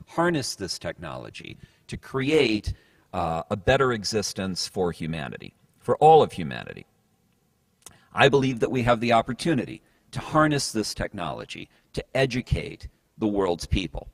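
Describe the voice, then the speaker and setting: Low-voiced man giving an earnest motivational talk. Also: dry recording. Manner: earnest storytelling, repeated restarts. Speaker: speaker.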